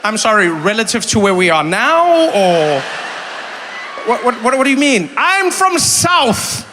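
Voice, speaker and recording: A middle-aged man from South Africa doing animated stand-up comedy with crowd work, acting out voices as he tells stories. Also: high voice, moderate pace, noisy background. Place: large theater stage. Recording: reverberant hall with faint ambience.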